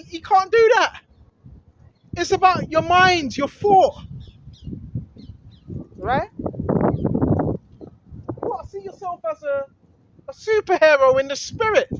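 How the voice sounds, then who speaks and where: High-voiced emphatic preaching man. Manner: emphatic, repetitive, rising to shouts. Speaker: street preacher. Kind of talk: informal preaching and scripture reading. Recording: dull lo-fi recording with faint noise.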